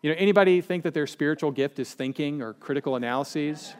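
Male pastor, slightly higher-pitched voice, relaxed joking sermon delivery. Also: quick pace, few pauses, clean tone. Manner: chatty, joking, acts out quoted people. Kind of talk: conversational sermon.

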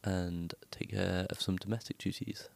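Gravelly low man, wry joker. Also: little pitch movement, normal speed, no room sound, studio quality. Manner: joking, wry asides. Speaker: podcast co-host. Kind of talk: casual chat.

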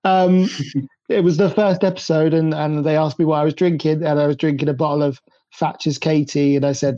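A man's voice: fairly high pitch, fairly even intonation, normal speed, mellow, muffled recording. A man comedian chatting on a remote call, rambling and self-deprecating with lots of hesitations. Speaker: comedian panelist. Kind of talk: casual chat.

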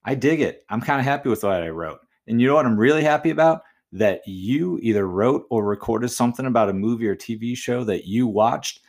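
A man's voice: mid-range voice, lively intonation, fairly quick, hardly any pauses, darkish tone. A man hosting a movie essay podcast, thinking aloud through his writing choices and giving listeners friendly, encouraging tips. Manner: chatty and encouraging, addresses listeners as folks; muses aloud, weighing options with questions.

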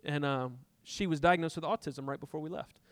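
A middle-aged man preaches a sermon, weaving a personal story and playing out his own heated exchanges with God. His voice sits a little high and swells into passionate peaks before dropping back to a softer tone. The recording is close and dry, with no room sound. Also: fairly quick, dry recording. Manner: storytelling, acts out dialogue with God, rising to impassioned peaks. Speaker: pastor.

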